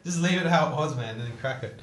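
A young man hosting a casual podcast chat. He gets excited, swears a lot and laughs often. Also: a little high, quick pace, noisy background. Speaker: podcast host. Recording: roomy echo.

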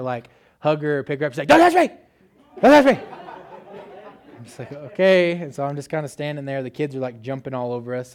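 A man preaching a sermon in a casual, conversational way, telling a story with many "like" fillers. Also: mid-range voice.

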